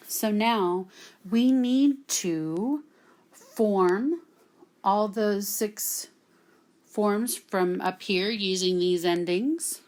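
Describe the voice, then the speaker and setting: A woman's voice: medium pitch, very slow, long pauses, a little mellow. A woman from Texas, teaching a classroom grammar lesson at a whiteboard and patiently checking in with "okay?" after nearly every point. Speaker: Latin teacher.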